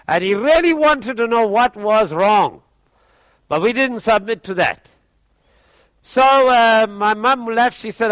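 A man with a notably high voice for a man tells a personal testimony, chuckling often even through grave moments and slipping into the voices of the people he quotes. The sound is close and dry, with no room ring around it. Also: normal speed, no room sound. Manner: chuckles often while telling a grave story; acts out quoted people in his own voice.

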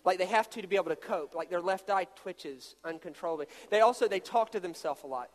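A man's voice: high voice, quick pace. A man preaching a sermon, joking with volunteers as he acts out a demonstration. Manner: animated, jokey storytelling with volunteers. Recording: long hall reverb.

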